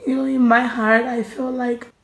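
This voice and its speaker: A young woman telling a personal story in her vlog, emotional and halting, often restarting and dropping to a near murmur. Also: on the high side, little pitch movement, echoey room, low-quality recording. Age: young adult. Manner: emotional, halting, many restarts and soft drops in volume. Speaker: vlogger.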